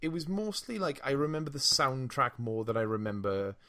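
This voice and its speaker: A man's voice: mid-range voice, sing-song, brisk, sharp tone. A young man co-hosting a casual podcast chat over a call, loose and chatty, laughing often. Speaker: podcast co-host.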